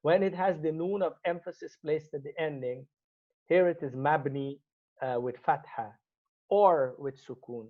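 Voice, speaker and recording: A man's voice: on the high side, unhurried. A man teaching an Arabic grammar lesson, explaining step by step and repeating each Arabic word as he goes. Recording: slightly muffled lo-fi recording.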